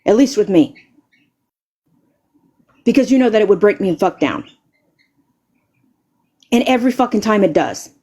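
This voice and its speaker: A woman's voice: medium pitch, big pitch swings, normal speed, long pauses, mellow, breathy edge. A woman live streamer delivering an angry, confrontational rant, stammering and repeating words and swearing heavily.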